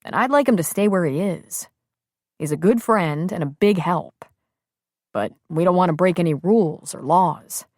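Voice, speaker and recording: A woman's voice: lowish voice, expressive, normal speed, a little mellow, no room sound, studio quality. A woman voicing an earnest, protective man who speaks carefully and directly.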